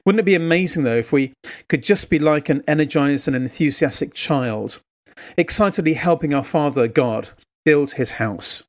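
A man's voice: a little high, moderate pace. Conversational preacher man telling a story. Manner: earnest, exhortative. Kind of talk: sermon.

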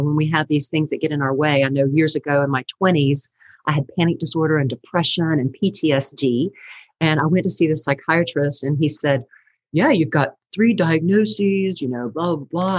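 Middle-aged woman guest, low and husky, lively storyteller, dry close recording. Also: no echo, low-quality recording. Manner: animated storytelling, laughs often. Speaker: guest, counselor and teacher. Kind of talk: conversational podcast interview.

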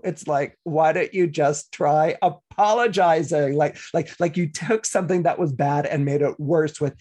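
A man's voice: on the high side, normal speed, few pauses, darkish tone. A middle-aged man giving a weekly horoscope talk as an astrologer, chatty and full of fillers and restarts.

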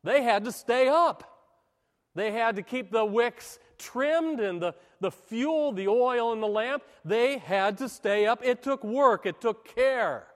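A high-pitched man delivers a sermon from the pulpit. He speaks with emphasis and measured, dramatic pauses. His voice rings with the long reverb of a large hall. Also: animated. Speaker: pastor.

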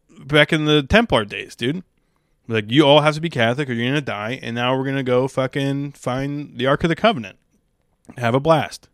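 A man's voice: medium pitch, a bit bright, smooth, dry recording, studio quality. A young man, a stand-up comedian, talking in a casual, rambling monologue with a crude, profane and wry manner.

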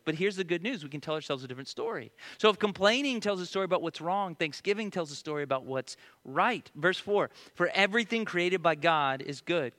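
Bright-voiced male pastor preaching. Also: high voice, animated, brisk, few pauses. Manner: conversational storytelling, rising to emphatic questions then dropping to hushed prayer. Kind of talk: sermon.

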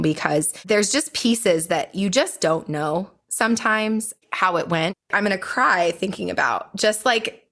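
Young adult woman, birth coach, passionate and emphatic, middle pitch, casual podcast talk. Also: fairly bright tone.

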